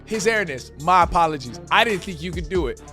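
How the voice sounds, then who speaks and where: Man, high voice, gaming play-by-play, excitable, slangy, faint music behind. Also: fairly quick. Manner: hyped, slangy, shouts at big plays. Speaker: gaming YouTuber. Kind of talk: playful sportscaster-style play-by-play over a video game.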